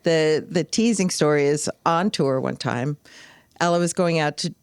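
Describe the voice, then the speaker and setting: Low-voiced older woman telling stories. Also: moderate pace, smooth, dry recording. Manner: animated storyteller, acts out quoted voices. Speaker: podcast guest. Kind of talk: storytelling in casual conversation.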